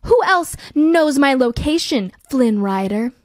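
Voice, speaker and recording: Wary tower-bound young woman, woman performer, slow and dry. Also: sits high, animated, no echo. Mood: suspicious.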